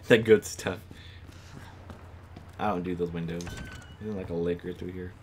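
A man's voice: deep voice, steady tone, a little slow. A man playing a horror game and commenting casually, giggling often and jumpy, talking to the screen. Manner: giggly, jittery, talks to the screen. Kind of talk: casual let's-play commentary. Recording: noisy home recording.

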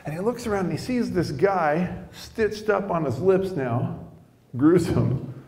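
A man's voice: high voice, lively intonation, slow pace, darkish tone, long reverb tail. A middle-aged man preaching a sermon as a chatty story, often repeating words as he starts his lines. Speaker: pastor. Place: church sanctuary.

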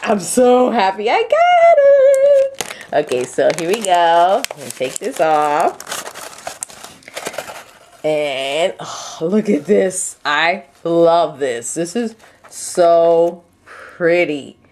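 A woman vlogging an unboxing of a craft kit, gushing with excitement and jumping up into high squeals. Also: slight background noise. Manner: gushing, breathless exclamations, leaps to high squeals.

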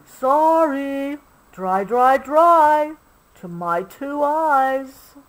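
A tall, gentle lady giraffe from a picture book, voiced by a mom reading aloud, her lines raised and sing-song. She speaks slowly and with lively rises and falls. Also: high voice, voice pushed up, exaggerated voice, rough recording. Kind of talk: storybook read-aloud.

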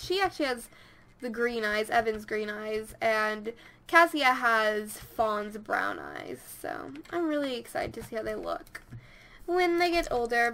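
A woman giving casual let's-play commentary, chatty and easily excited, talking straight to her game characters. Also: on the high side, a little hiss or hum. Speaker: gameplay commentator.

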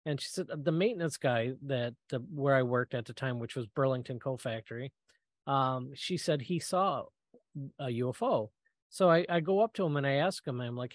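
A middle-aged man giving a storytelling talk, lively and acting out the voices he quotes, with frequent ums and uhs. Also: mid-range voice, normal speed, no echo. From Michigan, US. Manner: animated, acts out quoted voices, many fillers. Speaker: guest speaker.

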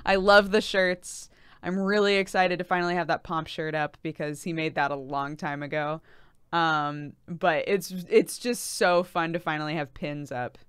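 A woman's voice: low-pitched, fairly even intonation, moderate pace, a bit bright, clear, resonant tone, dry recording, clean studio sound. A woman streaming to her viewers in casual chat, talking chattily with many fillers and giggles.

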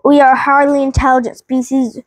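A woman's voice: high voice, flat delivery, a little fast, no room sound. A woman reading the lines of a proud, touchy talking creature from a storybook, stumbling and restarting as she reads. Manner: read aloud with stumbles and restarts.

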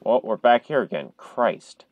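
A man on a headset at home, playing a horror game in casual commentary, jumpy and chatty with viewers, breaking into loud startled outbursts. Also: mid-range voice, animated, unhurried, phone-quality sound. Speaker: gamer streaming a horror game.

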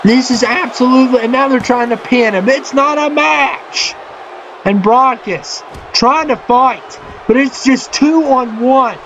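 A man who is a parent, commentating a wrestling video game with excitement, often shouting and cheering. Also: extremely high pitch, a little slow, dull audio, a faint crowd, a little hiss or hum. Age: adult, a parent. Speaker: gaming channel host. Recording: loud game music underneath.

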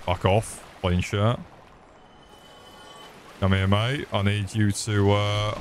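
A man's voice: lowish voice, slow pace, pauses often, slight background noise. Sweary British man streaming a game. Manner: sweary, excitable, chats with viewers. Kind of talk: live gameplay commentary.

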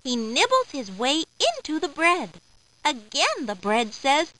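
Bright, lively woman reading to children. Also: high-pitched, takes it slowly, rough recording. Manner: playful, acts out each character's lines. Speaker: storybook narrator. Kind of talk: scripted narration for children.

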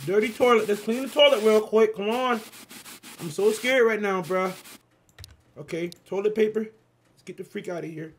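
A man giving excitable, slangy commentary on a horror game, talking straight to his viewers and reading out the game's lines. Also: high-pitched, normal speed, long pauses, noisy background. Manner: excitable, slangy, talks to viewers, reads game dialogue aloud. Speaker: gaming YouTuber.

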